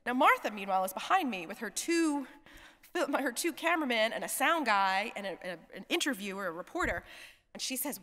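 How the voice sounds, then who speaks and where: Animated woman preacher in an echoing church. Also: on the high side, fairly quick. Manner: animated, acts out dialogue, laughs often. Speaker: hospice chaplain, guest preacher. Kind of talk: storytelling sermon. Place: church sanctuary. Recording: long church reverb.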